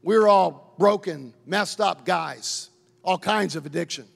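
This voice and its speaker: A middle-aged man preaching a sermon as a pastor, impassioned and building to loud declarations. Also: high voice, measured pace, gravelly. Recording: long hall reverb.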